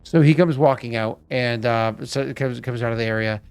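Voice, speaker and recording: A man's voice: mid-range voice, normal speed, a little mellow, clean tone, no echo. A man narrating a tabletop game as game master, hesitant, with many fillers and restarts.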